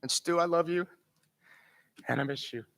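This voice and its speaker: A man's voice: a little high, normal speed, creaky, fairly bright tone. A man giving an emotional eulogy for his father at a memorial service, telling funny stories and laughing through them.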